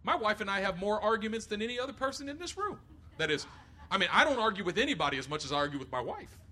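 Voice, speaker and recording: A middle-aged man preaching a sermon, animated, acting out voices of others and rising to near shouts. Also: sits high, very fast. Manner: acts out voices of others in quotes. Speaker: pastor.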